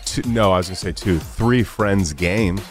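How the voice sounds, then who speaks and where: A man's voice: low voice, normal speed, faint music behind. A man on a radio show, chiming in with short, reactive remarks. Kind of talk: casual radio banter.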